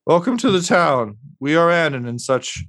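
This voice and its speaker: A man voicing an exhausted, gaunt man who talks in a halting, weary way. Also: on the high side, sing-song, fairly bright tone, pitched above the performer's own voice.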